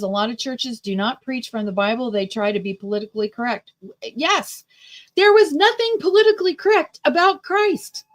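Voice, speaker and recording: A middle-aged woman hosting a radio talk show, telling a story in an indignant, emphatic monologue. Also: fairly high pitch.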